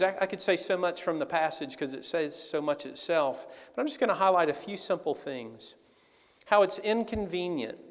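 Preaching man in a reverberant hall. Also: a little high. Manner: conversational, animated preaching. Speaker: pastor. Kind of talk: sermon.

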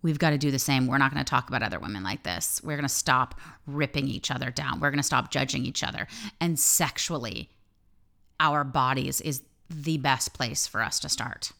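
A woman's voice: rumbling low, moderate pace, gravelly, pushed and bright. A woman host talking frankly and with feeling in a solo podcast monologue, swearing freely.

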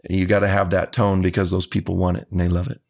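A man, a country musician, answering interview questions about his music in an earnest, folksy, measured way. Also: deep voice, monotone, vocal fry, darkish tone.

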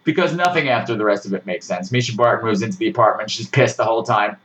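A man giving a casual, sarcastic movie review, ranting with animated swings and mocking voices. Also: fairly low pitch, fast, lo-fi sound.

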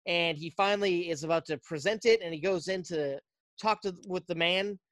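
Animated, dry-miked podcast storyteller. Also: mid-range voice, moderate pace, dry recording. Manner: animated storyteller, slips into character voices. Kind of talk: casual movie recap.

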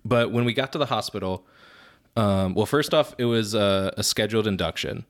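A man co-hosting a podcast, telling animated stories about being a father and often laughing at his own anecdotes. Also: fairly low pitch, normal speed. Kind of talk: casual chat.

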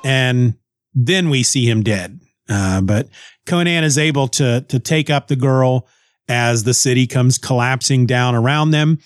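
A man's voice: medium pitch, measured pace, dry recording, studio quality. A man recapping a comic book in casual, wry talk, often stumbling over and repeating words.

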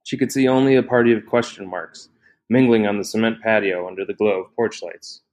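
A man with a fairly low voice narrates a novel in an even, measured way. He reads steadily and plainly between the characters' lines. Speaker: audiobook narrator. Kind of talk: scripted narration.

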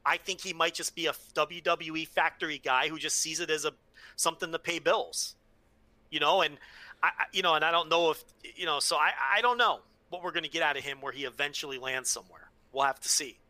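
A man's voice: on the high side, brisk, bright, forceful tone, no room sound. A man co-hosting a casual talk podcast, opinionated with wry teasing. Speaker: podcast co-host. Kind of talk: casual wrestling chat.

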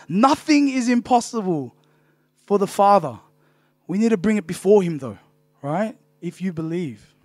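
A man's voice: high voice, no room sound. A man, preaching a casual, joking sermon full of "right?" tags. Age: 30s. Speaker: pastor.

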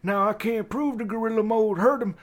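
A man's voice: sits high, fairly quick, pitched above the performer's own voice, close to an everyday voice. A man doing a rambling old grandpa. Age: older. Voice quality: folksy, rambling, stammering. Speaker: comic character on a podcast.

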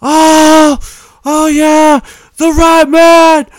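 A man voicing a rowdy crowd of fight fans, yelling in a high voice. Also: monotone, very slow, dry recording, studio quality, full character voice. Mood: jeering.

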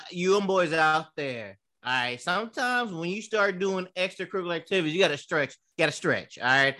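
Bright-voiced man in his thirties, loose and profane. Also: on the high side. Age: 30s. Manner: loose, profane storytelling with lots of fillers. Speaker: podcast co-host. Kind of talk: casual chat.

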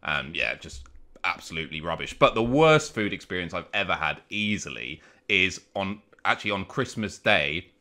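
A man's voice: deep voice, animated, normal speed, sharp tone. A man co-hosting a podcast, rambling through anecdotes with dry self-mockery. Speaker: co-host. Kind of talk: casual storytelling.

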